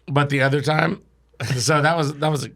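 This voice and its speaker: A man's voice: on the high side, fairly even intonation, moderate pace, a bit bright. A young man telling a wild drinking story as a podcast guest, swearing and laughing through it. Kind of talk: casual storytelling.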